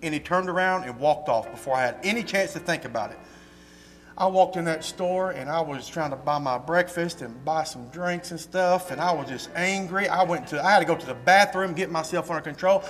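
A man, a pastor giving church announcements and telling a story in a folksy, animated way with emphatic rises, fighting a slight cough. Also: on the high side, fairly quick. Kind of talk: church announcements and sermon talk. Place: church sanctuary.

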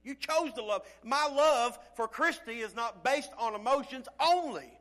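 A man preaching from the pulpit in a high, bright voice. His phrasing is folksy and plain-spoken. He rises to loud, fervent calls, then drops to low, quiet stretches. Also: animated, unhurried. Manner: swings from loud preaching to near-murmur. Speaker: pastor. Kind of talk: sermon.

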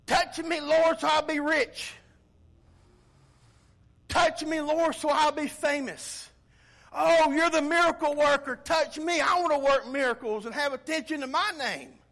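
A man's voice: very high-pitched, fairly even intonation, a little slow, gravelly, a bit bright, pitched above the performer's own voice, heavily acted. A man voicing a vain, greedy worshipper who begs God for riches and fame, pleading in a showy way. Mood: wheedling.

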